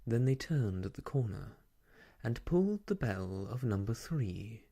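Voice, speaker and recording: Man, slow hushed ASMR storyteller, low and gravelly delivery. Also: very animated. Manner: gentle, hushed, half-whispered. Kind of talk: soft-spoken ASMR story reading.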